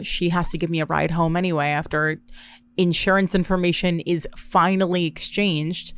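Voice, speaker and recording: A woman hosting a podcast alone, telling a story in a wry, profane, deadpan way. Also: lowish voice, smooth. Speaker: podcast host. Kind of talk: casual solo storytelling.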